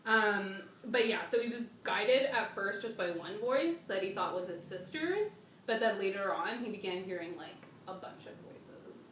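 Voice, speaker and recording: A woman hosting a casual chat with a guest, slangy and excitable, often trailing off and restarting. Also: medium pitch, normal speed, few pauses, far from the mic. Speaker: channel host. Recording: echoey room, off-mic, faint noise.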